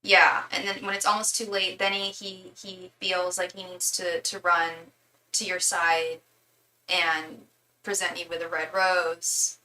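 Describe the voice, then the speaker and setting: A woman's voice: on the low side, level tone, a little slow, sharp tone, roomy sound, distant mic, a little hiss or hum, low-quality recording. A young woman giving a live tarot reading in a chatty way, full of fillers, restarts and calls of "girl". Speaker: tarot reader.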